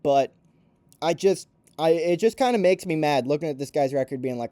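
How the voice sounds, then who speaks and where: A man's voice: on the high side, moderate pace, mellow, dry recording. Heated, foul-mouthed man ranting. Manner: heated, profane, sarcastic ranting. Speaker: MMA commentator. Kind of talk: ranting commentary vlog.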